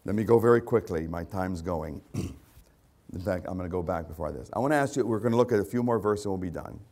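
A man's voice: sits low, lively intonation, fast, a little mellow. A male pastor preaching a sermon, hammering points with repeated rhetorical questions. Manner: repetitive rhetorical questions, emphatic.

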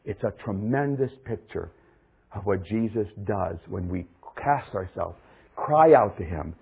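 Husky preacher with a lively, swinging delivery. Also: male voice, a little slow, poor audio. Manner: dynamic, swinging from loud exclamations to hushed low passages. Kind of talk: sermon.

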